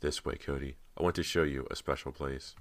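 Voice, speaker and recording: A man voicing a ghostly girl who softly coaxes her sister into a basement, for an audiobook. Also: a bass voice, fairly even intonation, brisk, dry recording. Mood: coaxing. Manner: soft, hushed, coaxing.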